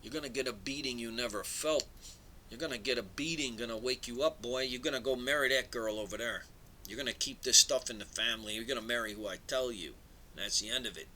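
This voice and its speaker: A man putting on a bossy male mob boss who bullies a younger relative with halting threats. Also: medium pitch, pushed and bright, slight background noise, natural voice, low-quality recording. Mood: threatening. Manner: threatening, commanding, halting with fillers.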